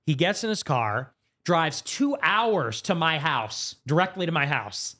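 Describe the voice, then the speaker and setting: A man as a podcast guest, recounting a story in a fast, animated way with sudden pitch jumps. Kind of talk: casual storytelling interview. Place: podcast studio.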